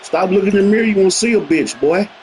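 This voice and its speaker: A man's voice: high voice, fast, a little mellow, poor audio. A man streaming a football video game, trash-talking with mocking, heated, repetitive jabs. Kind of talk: profane trash talk over gameplay.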